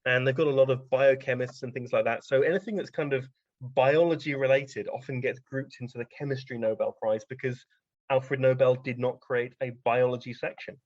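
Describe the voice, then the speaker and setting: A man tells casual stories as a podcast guest, rambling along and peppering his talk with ums. His voice sits at an ordinary middle pitch. The recording is dry and a little dull, with no room sound. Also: fairly even intonation, brisk, a little mellow, no room sound. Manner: rambling, anecdotal, frequent ums. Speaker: guest science writer. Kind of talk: casual interview storytelling.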